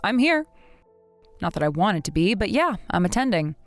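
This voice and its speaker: A woman's voice: medium pitch, very animated, moderate pace, dry recording, faint music behind, lightly acted. A woman voicing a fed-up young woman who stands up to a snobbish rival in a text-message drama, in a firm and indignant manner.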